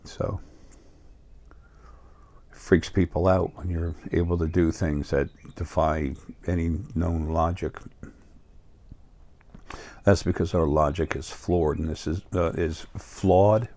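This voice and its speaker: A man's voice: deep voice, flat delivery, takes it slowly, pauses often, darkish tone. A middle-aged man with a New York accent talking in a rambling, casual monologue full of fillers and restarts. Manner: meandering, many fillers and restarts. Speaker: spiritual video host.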